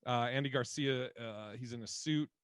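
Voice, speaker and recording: A man's voice: mid-range voice, normal speed, clear, resonant tone, dry recording. A man co-hosting a podcast in casual chat, rambling and laughing, swearing freely. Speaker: podcast co-host.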